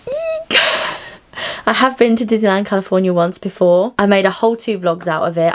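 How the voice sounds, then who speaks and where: A young woman who works as cabin crew, chatting excitedly to camera in a casual vlog. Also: lowish voice. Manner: bubbly and chatty, often squealing with excitement.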